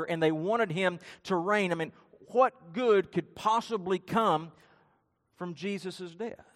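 A man preaching a sermon, telling the story dramatically and acting out the quoted lines with rising and falling force. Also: high voice. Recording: long hall reverb.

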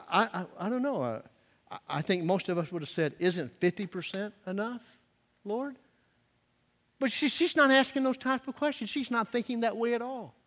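A man with a high voice preaches a sermon in a church sanctuary, his words ringing with a long reverb. He is animated, tripping over restarts and swinging between loud bursts and soft asides. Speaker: pastor.

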